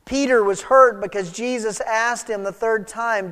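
A man preaching a sermon as a pastor, with an expressive delivery that swings between soft and emphatic. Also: very high-pitched, measured pace, few pauses, clear, resonant tone, big-room sound.

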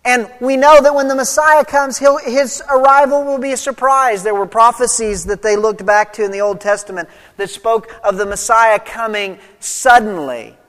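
A preacher giving an expository sermon, stressing points loudly and then dropping quiet. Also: medium pitch, moderate pace, hardly any pauses. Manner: emphatic teaching, swinging between loud stresses and quiet drops. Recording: long reverb of a large hall.

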